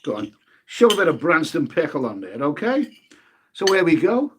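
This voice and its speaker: A man's voice: on the high side, very animated, moderate pace, fairly bright tone, slight background noise. A man chatting casually on a live stream, eating as he talks and reading viewer comments aloud. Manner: chatty, eats while talking, swears mildly, reads viewer names aloud.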